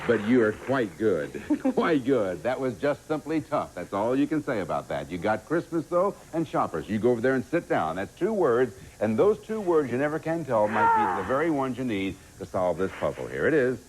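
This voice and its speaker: A man hosting a game show, lively and encouraging, quick to laugh with the players. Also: mid-range voice, husky, poor audio.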